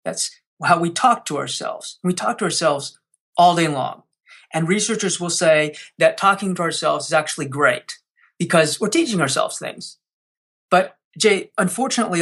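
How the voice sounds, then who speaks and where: A man's voice: on the high side, expressive, moderate pace, vocal fry, fairly bright tone. A man speaking as a podcast guest, coaching listeners with energy and acting out quotes. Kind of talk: podcast interview.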